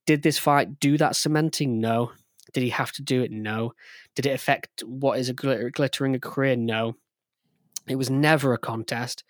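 A man's voice: mid-range voice, fairly even intonation, moderate pace, no echo, studio quality. A man co-hosting a sports podcast, talking enthusiastically in a rambling way, with lots of fillers and restarts. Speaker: podcast co-host. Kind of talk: casual sports chat.

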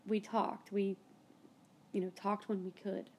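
A woman podcast host tells a personal story casually and emotionally, sometimes swearing and dropping to a near-tearful whisper at tender moments. Her medium-pitched voice is level and unhurried, with slight background noise.

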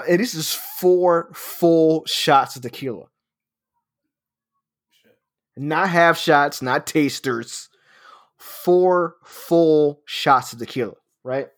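Laughing profane man telling stories. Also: on the high side. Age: 30s. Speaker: storyteller. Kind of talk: casual chat.

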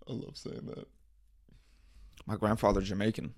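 A man's voice: fairly low pitch, normal speed, pauses often, no room sound, studio quality. A young man hosting a casual solo podcast, telling stories in profane slang and laughing often. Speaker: podcast host.

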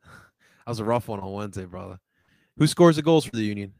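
A man hosting a casual sports talk show, chatting in a loose, animated, slangy way. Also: lowish voice, brisk, dry recording.

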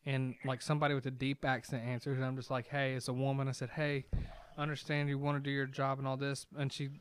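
A man co-hosting a podcast, telling a story in a loud, profane, laughing way and mimicking the people in it. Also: mid-range voice, monotone, fast talker, smooth. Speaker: podcast co-host. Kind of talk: casual storytelling chat.

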